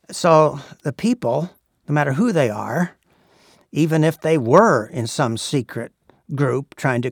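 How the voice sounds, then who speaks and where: A man preaching a sermon in an earnest, measured way, pausing often with "uh". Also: mid-range voice, gravelly, no echo, studio quality. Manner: earnest, measured, with frequent "uh" pauses.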